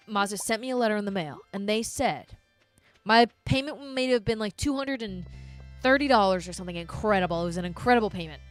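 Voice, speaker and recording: A woman streamer telling a story to her live chat in a casual, animated way, swearing freely and sounding exasperated. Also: medium pitch.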